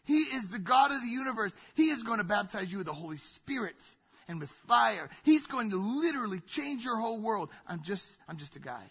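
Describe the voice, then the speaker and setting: A man voicing a humble, fiery male wilderness prophet in his own high, bright voice, pleading earnestly within a sermon. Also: lively intonation, brisk, breathy edge, lo-fi sound, heavily acted.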